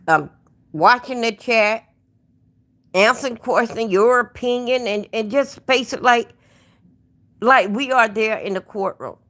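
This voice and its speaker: A woman hosting a casual livestream, rambling and talking straight to her viewers. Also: medium pitch. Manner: rambling, talks to chat directly. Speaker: livestream host. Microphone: phone.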